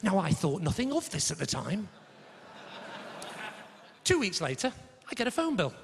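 A man's voice: high-pitched, wildly swooping pitch, normal speed, vocal fry, faint music behind. A male stand-up comedian on a club stage, telling a story to the audience in a brash, swearing, conversational way. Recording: live hall recording with reverb.

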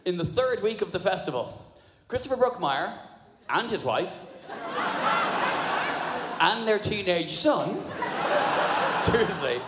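A man doing a stand-up comedy set, sweary and animated, laughing at his own jokes. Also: high-pitched, takes it slowly, pauses often. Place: live comedy venue. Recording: live venue, roomy hall echo, crowd noise.

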